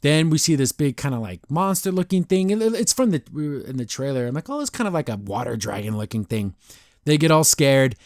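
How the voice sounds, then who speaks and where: A man hosting a podcast, casually recapping a cartoon episode in a rambling, animated way, acting out the characters' lines. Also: on the high side, a little fast, no room sound, studio quality.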